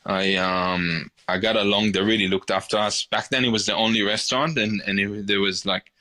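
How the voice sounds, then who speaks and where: A man in his forties with an Israeli accent, a chef telling his story in a casual interview, animated and often repeating words as he restarts. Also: fairly low pitch, normal speed. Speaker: chef, podcast guest.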